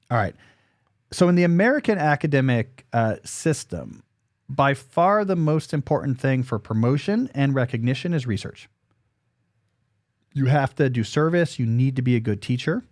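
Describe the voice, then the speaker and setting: A man's voice: mid-range voice, darkish tone, dry recording, studio quality. A man in his forties hosting a podcast, explaining his advice in a casual, thinking-aloud way. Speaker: podcast host.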